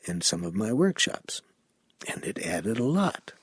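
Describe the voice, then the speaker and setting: A man teaching a workshop, telling a personal story in an unhurried, reflective way and acting out the dialogue. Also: lowish voice, big pitch swings, slightly rough, no room sound. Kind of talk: anecdotal storytelling talk.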